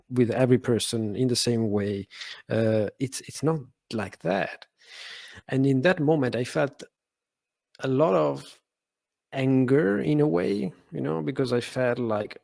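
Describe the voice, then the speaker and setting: An Italian man with an Italian accent appears as a podcast guest in a conversational interview, stuttering with frequent fillers and repeated words. His medium-pitched voice is gravelly and darkish, and the recording sounds dry.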